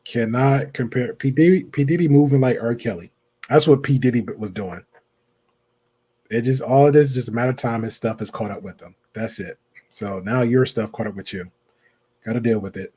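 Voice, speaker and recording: Husky-voiced man giving blunt commentary. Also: medium pitch, normal speed, mellow. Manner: blunt, repeats his points for emphasis. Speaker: podcast host reacting to a clip. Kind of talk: casual commentary.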